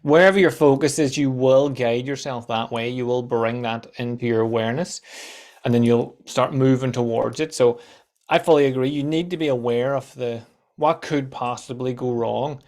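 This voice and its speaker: A man, a guest on a podcast, telling animated stories and acting out quoted voices, with casual swearing. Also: medium pitch, moderate pace. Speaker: guest, content coach.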